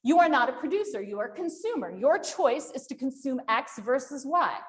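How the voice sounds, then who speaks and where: A woman's voice: high-pitched, fairly quick. A woman lecturing at a university panel, asking the audience questions as she goes. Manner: animated, asks the audience questions.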